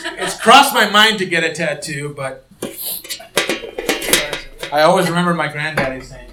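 A middle-aged male pastor preaching a sermon in church, telling stories with lively acted-out voices. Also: sits high, reverberant, distant mic, background noise. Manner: animated storytelling, acting out quoted voices.

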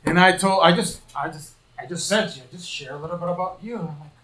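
A middle-aged male pastor preaching a sermon in church, telling stories with lively acted-out voices. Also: high voice, fast, roomy sound, recorded from a distance, crowd noise, low-quality recording. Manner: animated storytelling, acting out quoted voices.

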